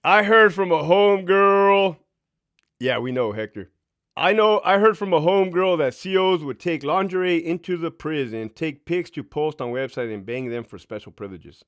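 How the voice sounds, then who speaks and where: A man's voice: on the high side, lively intonation, normal speed, a bit bright, clean tone, no echo, clean studio sound. Profane chatty man on a livestream. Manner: profane, boastful, laughing, addresses chat directly. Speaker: livestream host. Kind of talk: casual livestream chat reading comments. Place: home.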